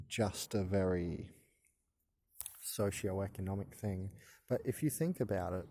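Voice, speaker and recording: A man's voice: fairly low pitch, mellow, a little hiss or hum. A man in his thirties hosting his own channel, talking in a rambling, hesitant monologue with stammers and restarts. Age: 30s. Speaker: channel host. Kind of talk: casual spoken monologue to camera.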